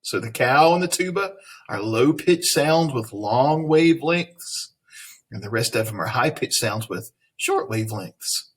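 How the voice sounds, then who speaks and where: Husky-voiced man teaching a lesson. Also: medium pitch, lively intonation, unhurried, fairly bright tone. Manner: friendly, playful asides to students. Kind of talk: recorded classroom lesson reading aloud.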